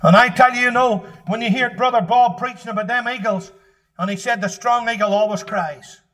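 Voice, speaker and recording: Very high-voiced, fervent preacher man. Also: steady tone, brisk, low-quality recording. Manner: fervent, emphatic preaching that rises to shouts. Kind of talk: sermon.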